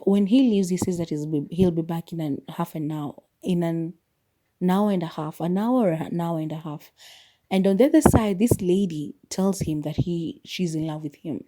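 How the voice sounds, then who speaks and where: A woman from South Africa hosting a podcast, chattily recapping a film and retelling its scenes in quoted dialogue. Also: on the low side. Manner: animated storytelling, retelling scenes with quoted lines. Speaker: podcast host reviewing a film.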